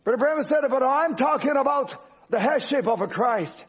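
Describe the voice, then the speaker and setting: Preacher, male, very high-pitched, driving repetitive sermon delivery, muffled lo-fi audio. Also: expressive, normal speed. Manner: emphatic, repetitive preaching cadence. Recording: dull lo-fi recording.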